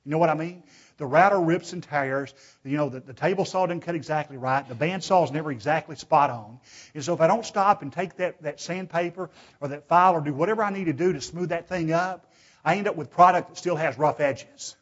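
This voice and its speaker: Male preacher, pitched a bit high, emphatic, rhetorical questions, husky voice. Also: fairly quick. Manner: emphatic, shifts from loud urging to hushed pleading; addresses listeners as brethren, asks rhetorical questions. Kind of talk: sermon. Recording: dull, lo-fi recording.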